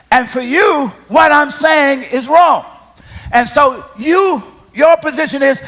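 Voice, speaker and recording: A male pastor delivering a sermon, emphatic, restarting his phrases and swinging from quiet moments to loud ones. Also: very high-pitched, slightly rough.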